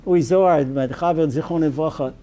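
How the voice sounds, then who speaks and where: A man as a rabbi giving a storytelling sermon, animated and peppered with Yiddish and Hebrew terms. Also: on the high side, a little fast.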